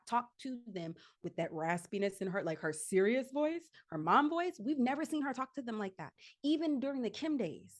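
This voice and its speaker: A woman guest on a casual podcast chat, emphatic and repeating her points for effect. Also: mid-range voice.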